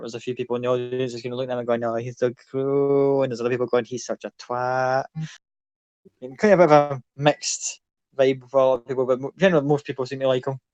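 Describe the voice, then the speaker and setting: A man's voice: mid-range voice, darkish tone, dry recording, lo-fi sound. A man narrating as game master in a casual, rambling way.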